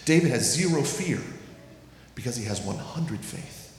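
A man preaching a sermon, earnest and deliberate, slowing down to stress key words and reading scripture aloud. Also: medium pitch, lively intonation, darkish tone, a little hiss or hum. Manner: earnest, reads scripture aloud, slows for emphasis. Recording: echoey hall with faint ambience.

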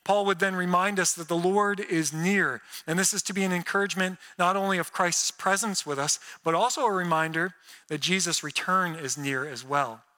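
A man's voice: sits high, moderate pace, pushed and bright. A man preaching a sermon, earnest with sarcastic asides and playful mock voices. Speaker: pastor. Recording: reverberant hall.

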